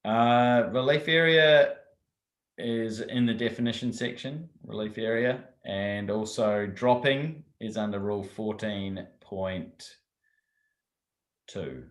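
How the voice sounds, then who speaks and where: A man with a fairly low voice speaks slowly on a golf podcast. He is hesitant and checks himself as he answers. His voice echoes around the room he is recording in. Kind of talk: casual podcast chat.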